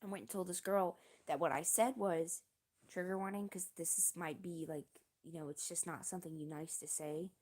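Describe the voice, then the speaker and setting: Low-voiced woman rambling through a story. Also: darkish tone. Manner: rambling, halting, with many restarts and fillers; swears casually. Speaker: streamer. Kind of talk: casual storytelling on a livestream.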